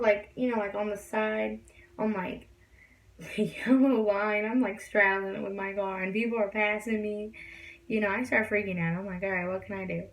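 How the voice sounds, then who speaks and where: Rambling young woman telling a story. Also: mid-range voice. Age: young adult. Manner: rambling, many fillers. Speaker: vlogger. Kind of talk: casual storytime. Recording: distant from the mic.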